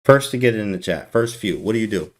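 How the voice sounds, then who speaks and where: Male chess streamer, low-ish, animated and teasing. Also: quick pace. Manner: animated, teasing, talks to chat. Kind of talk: casual live-stream chess commentary.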